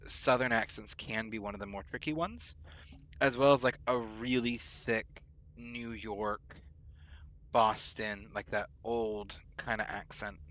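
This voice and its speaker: A man's voice: on the low side, sharp tone. A man, streaming a game and chatting in a rambling, easygoing way. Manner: rambling and chatty, lots of fillers. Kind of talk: casual chat while gaming.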